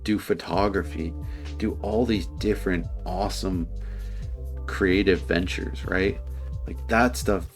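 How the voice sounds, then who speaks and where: Tired, rambling deep-voiced man. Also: steady tone, a little slow, faint music behind. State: tired, dry throat. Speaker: commentator reacting to a video. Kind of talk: casual reaction commentary.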